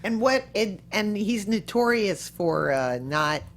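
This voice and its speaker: A woman hosting an interview, giving short affirmations and asking slow, halting questions. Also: mid-range voice, expressive, slight background noise. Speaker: host.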